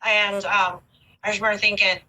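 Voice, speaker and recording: Casting note: woman in her thirties, bright, animated and candid guest, faint room tone. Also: mid-range voice, a little fast, a little hiss or hum, low-quality recording. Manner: candid and animated, many fillers. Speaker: podcast guest. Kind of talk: casual conversation.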